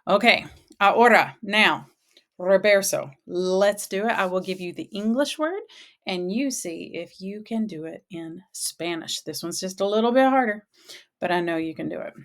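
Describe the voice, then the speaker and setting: A woman teaching vocabulary in a cheerful, encouraging way, slowly repeating each word and praising the learner. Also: medium pitch, animated. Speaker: Spanish teacher. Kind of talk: slow, encouraging vocabulary drill.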